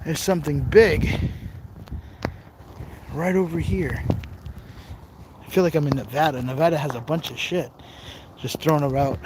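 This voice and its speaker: A man's voice: fairly high pitch, a little slow, pauses often, background noise. A tired man chatting casually on a phone live stream while he explores outdoors, rambling, joking and reading viewer comments aloud. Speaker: livestream host exploring outdoors. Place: outdoors on rough open ground. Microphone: phone camera held while walking.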